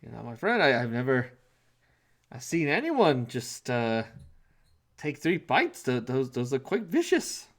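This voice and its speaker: Guy doing a friendly guide, hearty, kinda gravelly, bouncy pitch. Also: huge pitch swings, a little slow, heavily acted. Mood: impressed. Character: friendly guide who praises a fighter.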